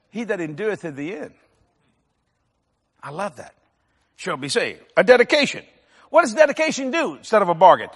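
A man's voice: extremely high pitch, sing-song, fairly quick, fairly bright tone, long reverb tail. A man preaching a sermon as pastor, telling folksy stories and teasing his congregation.

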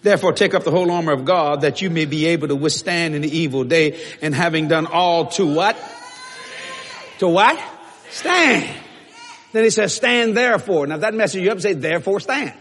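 Husky male preacher, high lively voice, bright tone, long church-hall reverb, animated and jokey. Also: normal speed. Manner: animated, shouting in bursts, joking, acting out quotes.

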